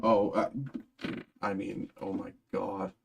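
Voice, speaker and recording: A man's voice: on the low side, monotone, slow, vocal fry, breathy edge. A young man from Massachusetts hosting a live card break, chatting casually with lots of fillers and restarts. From Massachusetts, outside Boston. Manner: rambling, many fillers and restarts. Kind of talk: casual live-stream chat while opening packs.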